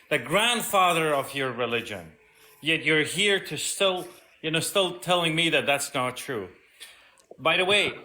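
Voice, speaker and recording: Bright-voiced man pressing questions. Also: on the high side. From Palestine. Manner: pressing, asks pointed questions. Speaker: debate participant. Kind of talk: heated live-stream argument.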